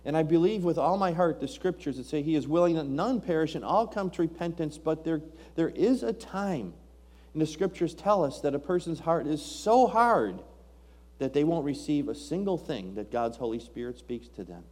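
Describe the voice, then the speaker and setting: Mellow-voiced man preaching a sermon. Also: fairly high pitch, lively intonation, moderate pace. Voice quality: King James scripture reading. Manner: preaching with rising emphasis and rhetorical questions.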